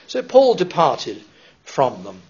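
Animated man preaching a sermon. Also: a little high, takes it slowly. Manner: animated and conversational, with asides and restarts. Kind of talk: sermon, Bible teaching. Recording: dull lo-fi recording.

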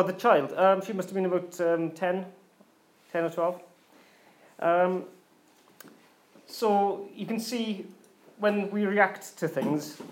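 A man with a high-pitched voice gives a relaxed, conversational sermon to a church congregation. He laughs easily and breaks into quick imitations of voices to make his points. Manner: chatty, laughs often, mimics voices. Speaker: pastor. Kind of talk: informal sermon.

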